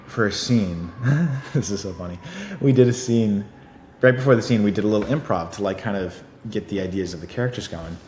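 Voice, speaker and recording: A man, an actor being interviewed, chatting casually with many fillers and easy laughs. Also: fairly low pitch. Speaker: actor guest. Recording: echoey room with faint noise.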